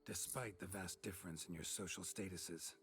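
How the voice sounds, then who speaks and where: A man's voice: sits low, fairly even intonation, moderate pace, a bit bright. An actor playing a blunt, sardonic male monster hunter, speaking in terse, dry lines of game dialogue. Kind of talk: video game voice acting.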